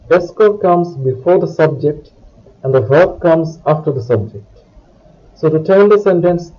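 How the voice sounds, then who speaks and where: A man's voice: fairly high pitch, lo-fi sound. A man teaching a language lesson, explaining each point in a scripted way and reading example phrases aloud. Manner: reads French words and phrases for the listener to repeat. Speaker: French teacher.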